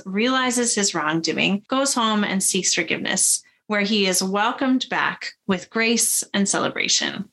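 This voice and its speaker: A woman's voice: mid-range voice, a bit bright. A woman pastor giving a sermon in a friendly, conversational manner, reading scripture and laughing easily.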